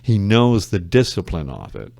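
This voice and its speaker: His voice sits low but swings widely in pitch, moving at a moderate pace with some vocal fry and a mellow quality, and there's no echo. He's an English lit professor chatting as a podcast guest. Thoughtful and dryly funny, he digresses into side stories.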